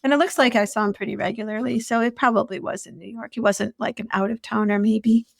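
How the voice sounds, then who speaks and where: A woman's voice: a little high, fairly even intonation, quick pace, gravelly, no room sound, clean studio sound. A woman co-hosting a podcast, chatting casually, laughing easily and recalling stories. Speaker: podcast co-host, former escort. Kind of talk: casual chat.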